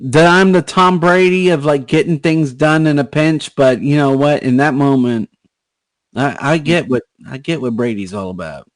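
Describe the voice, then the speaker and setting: A man's voice: on the high side, moderate pace, no echo, low-quality recording. A man, co-host of a podcast, telling a long story in casual chat, rambling and swearing with lots of fillers.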